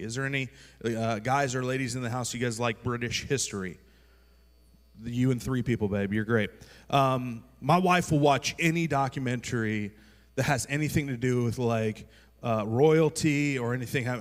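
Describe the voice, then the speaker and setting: Casual pastor in a reverberant church hall. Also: male voice, medium pitch. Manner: relaxed, conversational with many fillers. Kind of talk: sermon.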